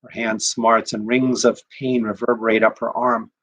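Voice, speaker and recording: A rabbi reading a short story aloud in a measured, expressive way. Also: male voice, fairly low pitch, low-quality recording. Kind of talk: scripted narration of a short story.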